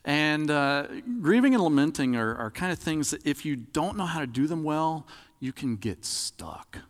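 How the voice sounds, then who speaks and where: A man's voice: on the high side, lively intonation, moderate pace, long reverb tail. A man preaching a sermon in a conversational, demonstrative way, acting out examples as he talks.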